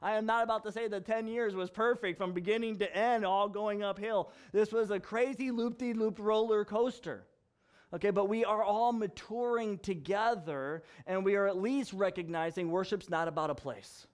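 A man's voice: high voice, normal speed, clean tone. A man preaching a casual, conversational sermon as pastor, telling stories and acting out dialogue with frequent laughs.

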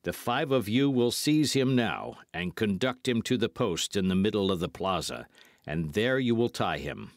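Casting: man doing a masked outlaw, low and stern, cold commands, dry sound. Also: lively intonation, normal speed, dry recording. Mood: commanding. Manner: stern, clipped threats.

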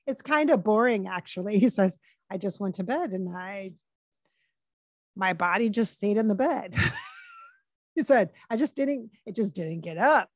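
A woman working as a psychic medium, talking casually and relaying quotes in her own plain voice with frequent pauses and restarts. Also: mid-range voice, expressive, no echo. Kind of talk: casual channeling session monologue.

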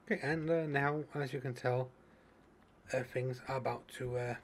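A man's voice: mid-range voice, fairly even intonation, moderate pace, gravelly, slight background noise. A man casually narrating his own survival gameplay, thinking aloud with many fillers and restarts. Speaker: let's play gamer. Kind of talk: casual game commentary.

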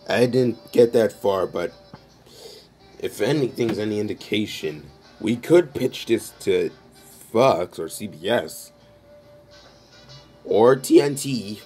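A man making an unscripted comedy skit, bickering back and forth as though several people share the table. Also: on the low side. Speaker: creator of an improvised comedy skit.

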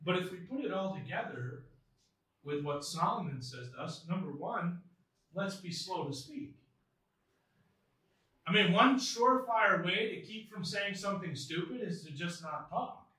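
A man's voice: high-pitched, expressive, a little slow, pushed and bright. A man preaching a sermon as pastor, reading scripture aloud with earnest emphasis. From United States. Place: church sanctuary. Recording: echoey church hall from far off.

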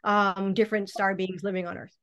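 Speaking fairly quickly with a level, slightly bright medium-pitched voice, this woman is a mystic guesting on a laid-back podcast. She meanders, often restarting and hesitating, in either a remote or studio setup.

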